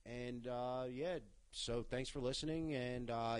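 A man's voice: medium pitch, slow, smooth. A man hosting a podcast in casual chat, rambling loosely with lots of fillers and the odd swear word. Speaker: podcast host.

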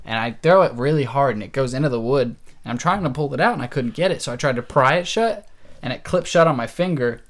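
A man in his twenties, a podcast co-host, telling a story in casual chat, animated and laughing often. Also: mid-range voice, fast talker. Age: 20s.

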